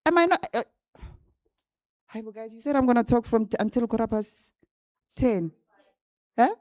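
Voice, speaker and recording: A woman's voice: on the high side, animated, moderate pace, a little mellow, dry recording, clean studio sound. A woman telling a personal story to an audience of graduates in a casual way, often checking in with "right?". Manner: chatty, addresses the audience directly with frequent "right?". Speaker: guest speaker at a graduate bootcamp. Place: event venue with a live audience. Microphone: handheld or stand microphone.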